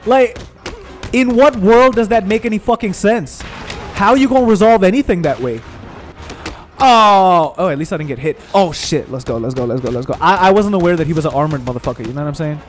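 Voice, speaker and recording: A young man hosting a gaming channel, ranting in a heated, profane, animated way while he plays. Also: sits high, brisk, faint music behind. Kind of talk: ranting commentary over gameplay.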